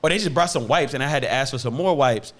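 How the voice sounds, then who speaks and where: A man's voice: medium pitch, quick pace, a bit bright. A young man hosting a podcast, telling a story casually with profane slang and laughter. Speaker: podcast host.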